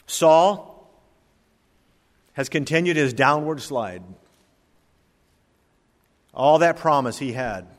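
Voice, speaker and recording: Preacher with dramatic loud-soft delivery, reverberant hall. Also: male voice, medium pitch. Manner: dramatic preaching, swinging between loud emphasis and quiet asides; reads scripture in King James wording. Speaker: pastor. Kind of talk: sermon.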